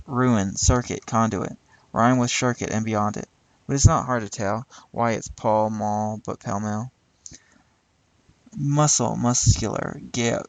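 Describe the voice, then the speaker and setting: A man reading a poem aloud slowly and deliberately, now and then stumbling and laughing at tricky words. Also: mid-range voice, vocal fry, no room sound, low-quality recording. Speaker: reader.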